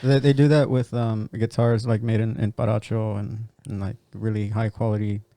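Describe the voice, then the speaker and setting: A man's voice: lowish voice, flat delivery, moderate pace, dark tone, no room sound. Podcast co-host, a man, explains things plainly, dry close-miked sound. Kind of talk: casual chat.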